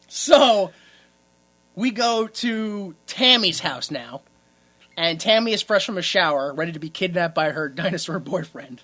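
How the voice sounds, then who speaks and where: A woman's voice: on the low side, lively intonation, slow, pauses often, fairly bright tone. A woman co-hosting a casual movie-riffing podcast, talking with exaggerated indignation, swearing and laughing often. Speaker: podcast co-host.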